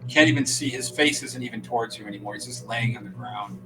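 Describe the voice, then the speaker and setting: A man narrating as game master, describing scenes in an unhurried, descriptive way. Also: lowish voice, low-quality recording. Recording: music playing behind.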